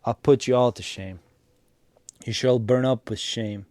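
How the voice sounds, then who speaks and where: A man's voice: medium pitch, steady tone, unhurried, no room sound, close to an everyday voice. A man reading aloud, voicing a furious, bitter young peasant daughter-in-law who bawls at her family. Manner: shouting, bitter.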